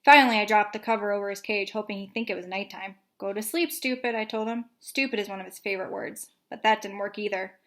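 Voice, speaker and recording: Young teacher, storytime read-aloud for kids, relaxed and casual, woman. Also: mid-range voice, fast, few pauses. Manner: casual, with fillers. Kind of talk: reading a chapter book aloud to children.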